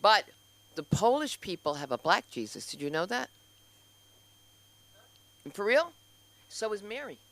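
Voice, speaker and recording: A woman's voice: medium pitch, big pitch swings, measured pace, long pauses, fairly bright tone. A woman comedian at an open mic making blunt, joking asides. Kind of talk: open-mic stand-up banter.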